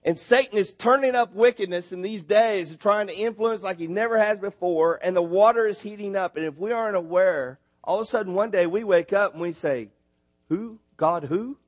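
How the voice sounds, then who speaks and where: A man preaching a sermon, animated and building to emphatic near shouts on his points. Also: sits high, brisk, hardly any pauses. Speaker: missionary preacher. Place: church.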